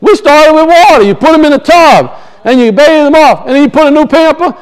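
A middle-aged man with a notably high voice preaching a lively sermon. He swings his pitch up and down, circles back on phrases for emphasis, and slips into acted-out voices. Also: a little fast, low-quality recording. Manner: animated preaching, rises and drops in pitch, acts out quoted voices; repeats and restarts phrases for emphasis.

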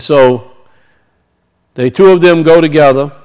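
Male preacher, resonant voice, fairly high pitch, scripture reading, frequent restarts. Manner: reads scripture slowly, then explains it with frequent restarts.

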